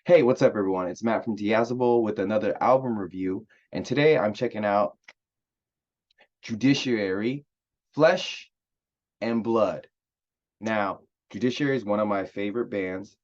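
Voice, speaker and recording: A man with a very low voice talks through an album review in a loose, chatty way. He leans on fillers like "uh" and "like" and sounds keen on the music. The recording is a bit dull and lo-fi. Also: normal speed. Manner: chatty, filler-heavy, enthusiastic. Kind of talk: casual music review monologue.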